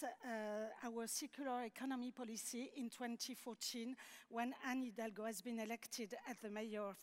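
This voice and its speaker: High-voiced French woman on a panel. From France. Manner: halting, searching for words, frequent restarts. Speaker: deputy mayor panelist. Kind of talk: panel discussion answer.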